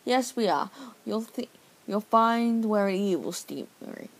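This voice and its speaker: A woman playing a deadpan helpline operator in a comedy sketch, overly polite and saying sir over and over. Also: medium pitch, measured pace. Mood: smug.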